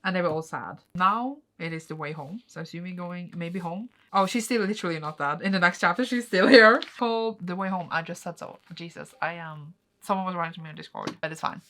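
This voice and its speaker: A woman's voice: fairly low pitch, fairly quick, hardly any pauses, fairly bright tone, a little hiss or hum. A young woman casually recapping manga chapters at home on her vlog, rambling with lots of fillers. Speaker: manga reading vlogger.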